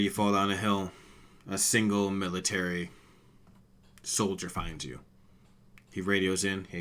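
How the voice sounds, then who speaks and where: A man's voice: low voice, sharp tone. A man in his thirties co-hosting a casual gaming podcast, emotional and swearing often. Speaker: podcast co-host.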